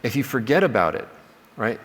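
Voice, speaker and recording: A man's voice: mid-range voice, very animated, brisk, a bit bright, slightly rough. Male teacher, mid-range voice, casual classroom delivery with frequent "right?" check-ins, long hall reverb. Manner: conversational, checks in with "right?", acts out sample apologies. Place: lecture hall.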